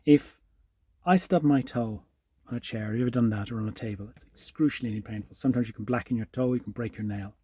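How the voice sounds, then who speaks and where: A man hosting his own channel, talking calmly and reflectively to the camera, often restarting his sentences. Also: mid-range voice, fast talker, slight background noise. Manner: calm, musing, with frequent restarts. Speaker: channel host. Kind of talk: reflective solo talk to camera.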